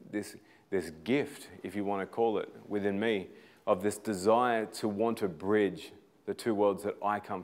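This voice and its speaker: Earnest Australian man, fairly low voice. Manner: earnest, storytelling, restarts words while building to emphatic points. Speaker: motivational speaker. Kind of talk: inspirational talk.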